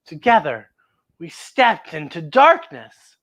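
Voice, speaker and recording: Animated woman storyteller for kids. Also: on the low side, slow pace. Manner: animated, expressive, exclaiming. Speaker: children's storyteller host. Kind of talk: reading a picture book aloud to kids.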